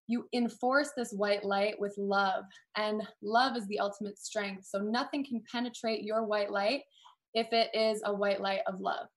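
A woman on a video call, sharing warmly and apologizing nervously as a guest, then singing her own song. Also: medium pitch, fairly even intonation, unhurried. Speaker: guest singer-songwriter. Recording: backing music playing. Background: backing music.

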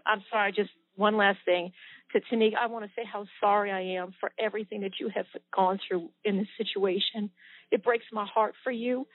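A woman's voice: mid-range voice, fairly even intonation, fairly quick, no echo. A woman co-host speaking sincerely and with sympathy. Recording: tinny phone line.

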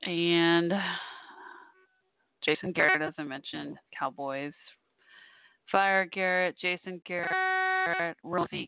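A woman's voice: sits low, smooth, no echo. Tired chatty woman on a thin line. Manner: chatty, meandering, tired with yawns. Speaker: podcast host. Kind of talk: casual live call-in chat. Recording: thin phone-like dry sound.

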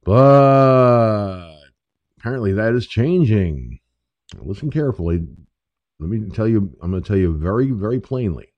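A man with a very low voice rants through a political talk radio monologue, swearing freely and hammering his points home. His pitch swings widely as he pushes each point. The sound is dry and dull, like a lo-fi home broadcast. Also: expressive, a little slow, dry recording. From New York State, USA. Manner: profane, ranting, emphatic. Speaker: internet radio show host.

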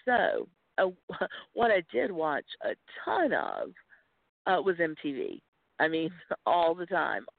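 Gravelly Southern woman on a phone line. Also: fairly low pitch, very animated, slow, dry recording. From North Carolina, US. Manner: chatty, laughing storyteller. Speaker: guest, wrestling commentator. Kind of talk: casual podcast chat. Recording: tinny phone-line audio.

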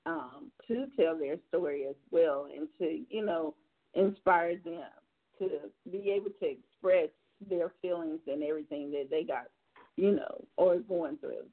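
A woman's voice: deep voice, a little slow, creaky. A woman hosting a live talk show, chatting casually with her guest and taking callers, full of easygoing fillers. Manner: chatty, leans on "you know" fillers. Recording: tinny phone-like line.

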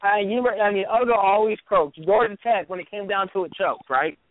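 A man with a high voice co-hosts a sports radio talk show and mocks the local teams with sarcastic asides. The sound is tinny and phone-like, dry and close. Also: a little fast, no echo. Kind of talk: casual sports radio rant.

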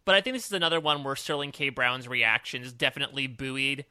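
A man co-hosting a podcast, talking casually and in an upbeat, animated way about comedy sketches, often laughing. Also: mid-range voice, quick pace, clean tone, no echo. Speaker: podcast co-host. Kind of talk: casual review chat.

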